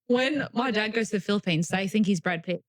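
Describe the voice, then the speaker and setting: A woman's voice: medium pitch, a little fast, no room sound. A young woman co-hosting a podcast, telling funny stories and acting out the voices of people in them. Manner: animated storyteller, acts out quotes. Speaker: podcast co-host. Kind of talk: casual chat. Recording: dry, lo-fi podcast audio.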